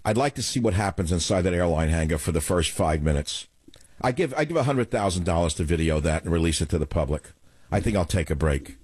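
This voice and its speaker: A man's voice: low voice, expressive, fairly quick, a little mellow, slightly rough, no room sound. A man hosting a radio talk show, delivering a combative, scornful opening monologue.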